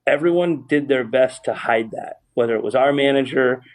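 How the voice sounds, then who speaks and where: A man's voice: medium pitch, moderate pace, low-quality recording. A man from California, a musician turned manager, telling candid stories in an interview and laughing wryly at himself.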